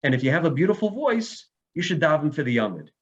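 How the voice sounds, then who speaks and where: A man preaches a sermon as a rabbi, his voice pitched somewhat high. He tells stories with mounting emotion and sudden emphatic peaks. The recording is dull and lo-fi. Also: big pitch swings, fast talker, breathy edge. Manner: emotional storytelling with rising emphasis and Hebrew phrases.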